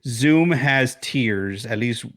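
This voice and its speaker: Man, podcast co-host, lively storytelling, curses, yelps scenes out. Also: drawn-out words. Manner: animated, swearing, acts out scenes in high yelps. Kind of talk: casual film chat. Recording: remote call audio.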